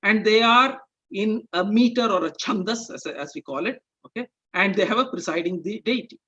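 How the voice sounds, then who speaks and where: A man presenting an explanatory talk, speaking in a measured way and checking in with "okay?" and "right?". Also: high-pitched, bright, forceful tone, husky, highs cut off.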